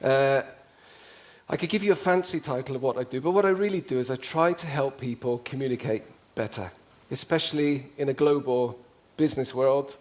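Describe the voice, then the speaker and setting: A man's voice: mid-range voice, a little fast. A man with an English accent giving a witty, conversational public talk to an audience. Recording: played from a video.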